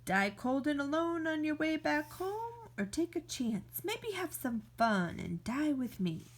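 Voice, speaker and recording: A woman's voice: high voice, lively intonation, measured pace. Woman voicing a cheeky carefree bird. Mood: upbeat. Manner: breezy, cheerful, teasing. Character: carefree reckless young male bird. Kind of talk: reading aloud to a class.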